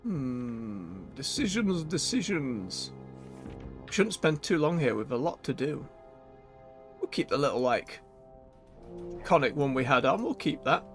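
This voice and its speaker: A man's voice: mid-range voice, animated, unhurried, long pauses, soft background music. A man chatting casually as he plays a video game on stream, thinking aloud and correcting himself.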